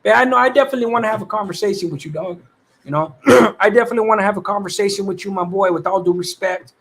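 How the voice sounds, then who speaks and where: A man's voice: sits high, racing, a bit bright. A man hosting a casual livestream, greeting viewers by name in laid-back slang with plenty of swearing. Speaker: livestream host.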